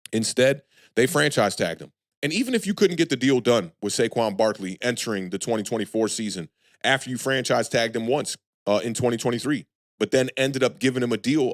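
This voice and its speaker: A man hosting a live sports talk stream, talking loosely and frankly to chat viewers and shouting them out. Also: medium pitch, dry recording, studio quality. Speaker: sports channel host.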